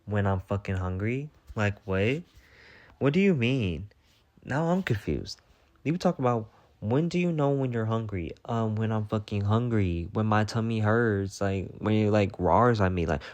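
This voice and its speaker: A man with a lowish voice chats through fan questions in a loose storytime vlog. His delivery is profane and animated, and he often jumps into loud, acted-out voices mid-story. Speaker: vlogger answering fan questions. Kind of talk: casual storytime chat.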